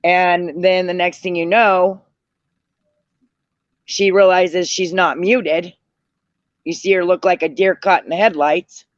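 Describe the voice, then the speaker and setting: High-voiced tired man telling gossip. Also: flat delivery, takes it slowly, pauses often, no echo. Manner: rambling, circles back, retells quotes. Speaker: livestream panel guest. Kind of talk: casual gossip storytelling. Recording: dull lo-fi dry audio.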